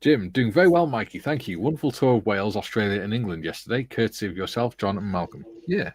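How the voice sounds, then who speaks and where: A man's voice: lowish voice, animated, fast, a little hiss or hum. A man hosting a casual live model-building stream, reading out viewer comments and greeting them.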